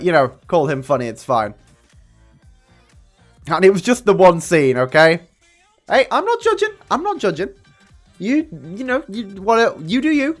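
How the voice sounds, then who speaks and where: Young male streamer, fairly high, animated and profane, casual chat over faint music. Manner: chatty and profane, with sudden high excited jumps. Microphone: desk microphone.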